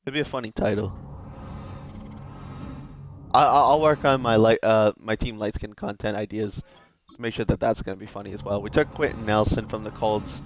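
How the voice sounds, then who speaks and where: A man's voice: on the low side, fairly even intonation, moderate pace, pauses often, slight background noise. A young adult man giving casual gameplay commentary as a video host, talking to himself in a joking, rambling way. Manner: joking, rambling self-talk.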